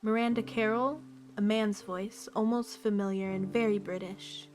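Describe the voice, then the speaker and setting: A woman reading a novel aloud on a livestream, calm and unhurried, with occasional throat clearing, her voice slightly worn. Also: mid-range voice, soft background music.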